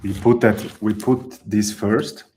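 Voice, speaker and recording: Male teacher, unhurried and patient, low voice. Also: steady tone, a little mellow. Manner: slow, patient explaining with example sentences. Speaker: German teacher. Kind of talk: language lesson.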